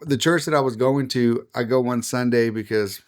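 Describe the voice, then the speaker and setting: A man's voice: mid-range voice, normal speed. A middle-aged man, a pastor, telling his personal testimony as a podcast guest in an earnest, heartfelt way.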